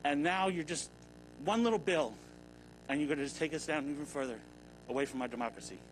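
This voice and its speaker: A man speaks at a legislature hearing, his voice set a little high. He pleads and scolds with heated conviction. A steady hum and noise sit behind him. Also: fairly quick, rough recording. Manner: impassioned, rising to a forceful scolding. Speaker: public commenter. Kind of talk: public comment at a legislature hearing.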